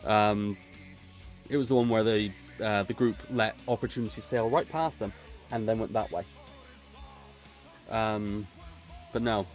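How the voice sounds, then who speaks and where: A man's voice: fairly low pitch, a little slow, pauses often, faint music behind. A man from Gloucester, streaming and chatting in a sweary, rambling way. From England, Gloucester. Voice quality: sweary, rambling, laughs often. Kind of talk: casual chat while drawing.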